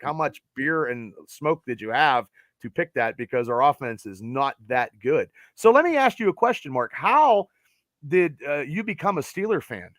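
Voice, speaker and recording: A man's voice: fairly high pitch, fairly bright tone, dry recording. A man hosting a sports podcast, enthusiastic and talkative. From United States. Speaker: podcast host. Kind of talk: casual sports podcast chat.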